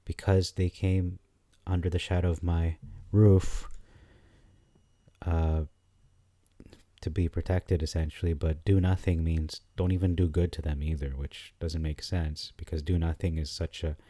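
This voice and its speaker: Man, low warm voice, casual study-style commentary, halting delivery. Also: flat delivery, no room sound. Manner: thinking aloud, halting with frequent fillers and restarts. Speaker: scripture commentator.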